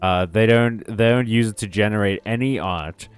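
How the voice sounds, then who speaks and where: Brief: ranty, rambling male game streamer, low smooth voice, dry close mic. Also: moderate pace, no echo, soft background music. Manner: rambling, ranty, laughs often. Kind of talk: casual game stream chat.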